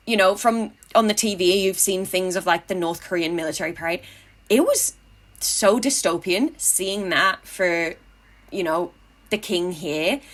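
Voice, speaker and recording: A woman's voice: on the low side, fairly bright tone. Young woman chatting in an interview, dry humor, lots of ums and restarts. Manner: wry, tongue-in-cheek, halting with fillers. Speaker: interviewee, activist. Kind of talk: casual anecdotal storytelling.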